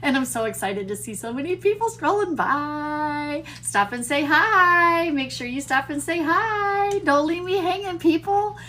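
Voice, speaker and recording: A high, bright-toned woman in her fifties, talking to her livestream viewers in a bubbly, giddy way. Her voice leaps all over the place while she takes her time with the words, laughing often and poking fun at herself. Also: animated, a little slow, few pauses, a little hiss or hum. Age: 50s. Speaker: TikTok livestream host. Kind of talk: casual livestream chat to viewers.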